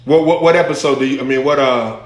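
A man's voice: mid-range voice, fast. A man, a pastor, giving a conversational Bible lesson, reading scripture aloud and rising into fervent emphasis. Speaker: pastor teaching a Bible class. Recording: echoey room.

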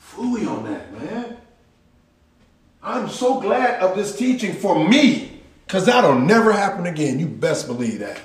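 A man's voice: high voice, very animated, a little slow, far from the mic. A man preaching a sermon in an emphatic, repetitive, folksy manner. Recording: roomy echo.

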